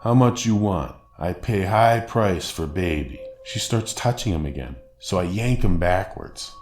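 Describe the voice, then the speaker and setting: A man with a very deep voice narrates a scary tale in a steady, wry way. The sound is echoey, as if in a bare room. A faint hiss runs underneath. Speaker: horror story narrator. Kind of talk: scripted narration.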